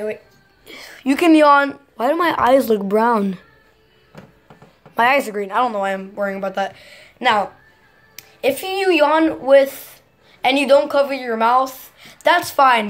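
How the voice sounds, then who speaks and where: A woman vlogging in a casual, rambling way, jumping between excited bursts and mumbled asides. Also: sits high. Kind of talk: casual chat to camera.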